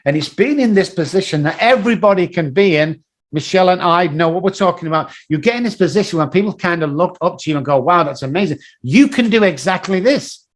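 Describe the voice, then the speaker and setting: A man's voice: sits high, fast talker. A man telling motivational stories as a guest, acting out the voices of people in them. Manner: animated, acts out voices in his stories. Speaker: guest, addiction recovery coach. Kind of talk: motivational storytelling.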